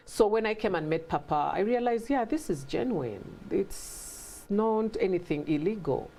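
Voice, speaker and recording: A woman's voice: mid-range voice, lively intonation, normal speed, hardly any pauses, a little mellow. A middle-aged woman with a mixed African and British accent, a guest telling her story in a conversational interview and acting out quoted voices.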